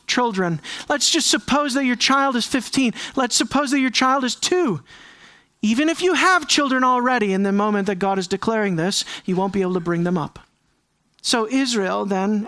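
Pastor delivering a dramatic sermon, prodding the congregation with questions; dry, close recording. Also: no room sound. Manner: dramatic, swings from raised, high emphasis to hushed near-whispers; fires rhetorical questions at the congregation.

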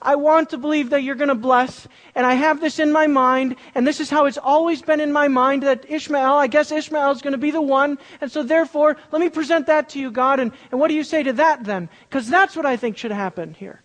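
A preacher acting out Abraham as a flustered old man pleading with God, higher and louder than their own voice, with a long hall echo. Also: a little fast, hardly any pauses, lightly acted. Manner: pleading, flustered, stumbling over words. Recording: long reverb of a large hall.

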